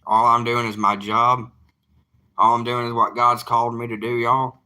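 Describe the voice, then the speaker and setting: A man's voice: medium pitch, flat delivery, normal speed, pushed and bright, clean tone. A young man, an evangelist talking casually to his livestream viewers in an earnest, plainspoken, defiant way.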